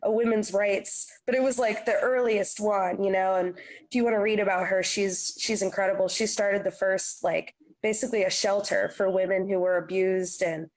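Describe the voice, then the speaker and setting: A woman's voice: mid-range voice, normal speed. A young adult woman, a singer-songwriter, chatting in an interview and acting out the people in her stories. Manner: animated storyteller, acts out quotes. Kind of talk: casual interview chat.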